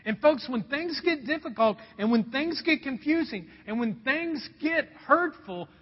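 A man's voice: very high-pitched, animated, measured pace. A man preaching a sermon, telling a personal story in an earnest way and calling his listeners folks. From Indiana, USA. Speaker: pastor. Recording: dull sound with long hall reverb.

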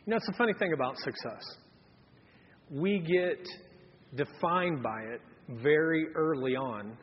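Male pastor, 30s, high and breathy, folksy sermon storyteller, muffled long-reverb hall. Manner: folksy storytelling with quoted voices. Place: church hall. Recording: dull, reverberant church hall.

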